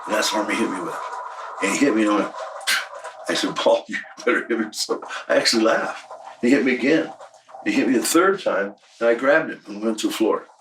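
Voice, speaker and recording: Man, 60s, former wrestler; low, blunt, profane storyteller, recorded off-mic with slight noise. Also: expressive, a little fast, a bit bright, far from the mic, poor audio. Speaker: interview guest, former wrestler. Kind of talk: shoot interview storytelling.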